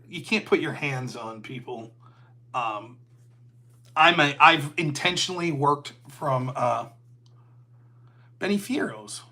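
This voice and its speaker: A middle-aged American man talking casually as a podcast host, telling stories, acting out dialogue and swearing freely. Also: fairly high pitch. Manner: animated storytelling, acts out dialogue, swears freely. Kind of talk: casual monologue.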